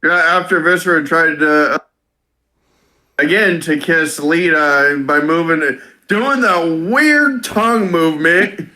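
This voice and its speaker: A man co-hosting a casual review chat, recounting events haltingly. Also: on the high side, pushed and bright. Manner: halting, many fillers and restarts while recounting. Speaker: co-host reviewing wrestling.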